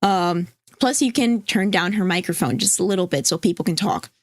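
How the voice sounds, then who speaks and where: A woman's voice: fairly low pitch, a little fast, no room sound, clean studio sound. Rambling woman chatting on a livestream. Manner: rambling, reads chat aloud, swears casually. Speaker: stream co-host. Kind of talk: casual livestream chat.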